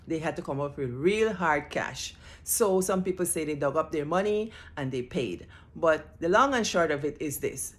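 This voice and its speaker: A Guyanese woman hosting a storytelling history lesson, emphatic and fond of teasing rhetorical questions. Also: low-pitched. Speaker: host.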